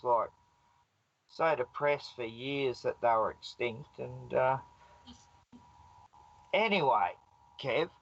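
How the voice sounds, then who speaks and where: A man's voice: mid-range voice, a bit bright, muffled recording. A man with an Australian accent, a guest telling a rambling, laughing story over a video call. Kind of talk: casual storytelling on a live stream call.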